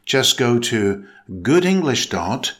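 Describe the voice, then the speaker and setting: Man, English pronunciation tutor, scripted narration, slow pace, bright tone. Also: mid-range voice, very animated. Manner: slow, measured, deliberate delivery.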